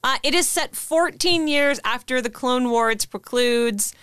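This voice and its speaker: A woman's voice: high voice, measured pace, fairly bright tone, smooth, no room sound. A woman hosting a casual podcast chat, upbeat and chatty, with frequent fillers as she explains. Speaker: podcast host teaching the lesson.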